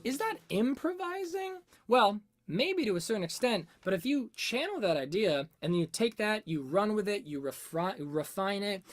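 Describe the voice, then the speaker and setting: A man's voice: high-pitched, very animated, moderate pace, few pauses. A man hosting a music analysis livestream, thinking aloud, reading out chat and answering it, now and then humming a melody. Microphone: webcam setup.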